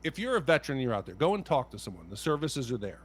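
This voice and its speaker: Animated, fired-up man on a podcast. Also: medium pitch, fast talker, slightly rough. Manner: passionate, blunt, swears. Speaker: podcast co-host. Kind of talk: casual movie podcast chat.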